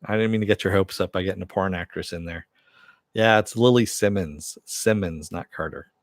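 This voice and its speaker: A man's voice: deep voice, fairly quick, no room sound, studio quality. A man hosting a casual live stream, reading viewer comments aloud and rambling with a self-deprecating chuckle.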